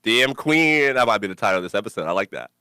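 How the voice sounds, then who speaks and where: A young man hosting a casual podcast, telling stories in an animated way, laughing often and cursing freely. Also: fairly low pitch, fast, clean tone, dry recording, studio quality. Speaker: podcast host.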